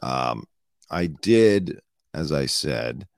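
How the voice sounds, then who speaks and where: A hoarse man holds forth bluntly, his voice low and gravelly from the strain, swearing and going off on tangents as he comments on the news. The sound is close and dry with no room around it. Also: animated, drawn-out words, dry recording. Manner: blunt, swearing, rambling asides. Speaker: show host and former celebrity news producer. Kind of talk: casual comedic commentary.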